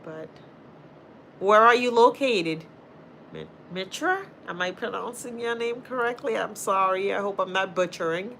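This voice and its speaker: Boston lady chatting on her livestream, bright voice, faint room hum behind, answering viewers' comments. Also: medium pitch, a little slow. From Boston, Massachusetts. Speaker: livestream host and healthcare teacher. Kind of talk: casual livestream chat with viewers.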